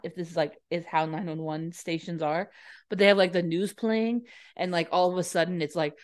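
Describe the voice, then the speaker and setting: A young adult woman co-hosting a podcast, giving a chatty, giggly movie recap and briefly acting out the characters' lines. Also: lowish voice. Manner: chatty, giggly, dips into quoted voices. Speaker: podcast co-host. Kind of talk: casual movie recap chat.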